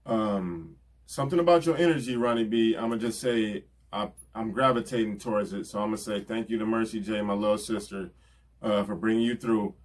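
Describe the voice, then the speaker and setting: Talking briskly in a lowish voice, a man gives album shout-outs as a rapper, casually and earnestly thanking those close to him. It's heartfelt, relaxed talk, peppered with repeated "you know what I'm saying."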